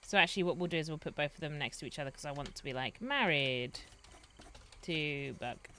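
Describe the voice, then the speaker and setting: A woman's voice: low voice, racing, fairly bright tone, slight background noise. A woman streaming a roleplay game, chatting in a rambling way and laughing often. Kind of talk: casual chat while streaming a roleplay game.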